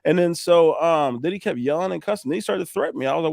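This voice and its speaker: A man, a roofing contractor, telling animated stories on a podcast, acting out the dialogue and swearing now and then. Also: on the high side, quick pace, gravelly, few pauses, dry recording, clean studio sound. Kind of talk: casual storytelling on a podcast.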